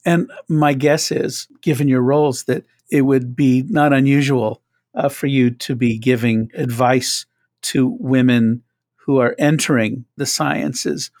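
A man interviewing guests in a measured, deferential way. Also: medium pitch, steady tone, a little mellow, no room sound, clean studio sound. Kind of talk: conversational interview.

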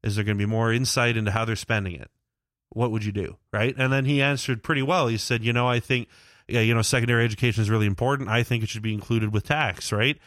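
A young man co-hosting a podcast tells long, rambling stories in casual chat, swearing often and peppering his speech with "like" and "uh." His medium-pitched voice is fairly even in intonation, quick and a bit bright, captured in a dry, studio-quality recording.

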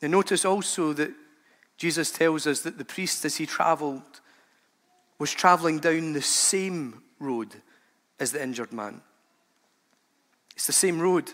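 Guy preaching a sermon, bright forceful voice, lots of hall reverb. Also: on the high side. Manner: emphatic, repeats phrases for effect. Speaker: pastor.

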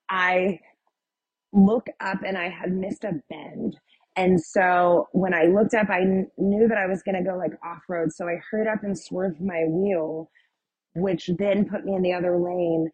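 A woman shares her personal testimony in a husky, low-pitched voice. She tells it vividly, with many "like" and "um" fillers. The recording is slightly dull, with a dry close sound. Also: darkish tone, no echo. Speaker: guest sharing her testimony.

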